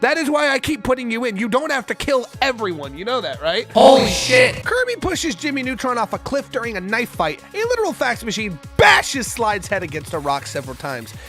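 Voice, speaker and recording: A young man streaming a game, reacting excitably, swearing and yelling at what happens. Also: very high-pitched, brisk, hardly any pauses. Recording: music playing behind.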